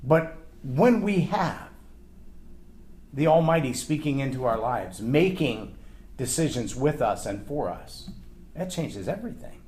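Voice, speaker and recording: This lively talk on leadership from the Bible comes from a man at medium pitch and normal speed, who frequently dramatizes quoted lines and circles back over words as he works through his thoughts.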